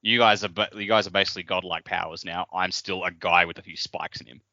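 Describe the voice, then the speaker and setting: A man's voice: sits low, fairly even intonation, fast, sharp tone, no room sound. A man co-hosting a casual book podcast, rambling through his ideas. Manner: rambling, acts out characters' lines in quotes. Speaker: podcast co-host. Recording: dry, muffled lo-fi podcast audio.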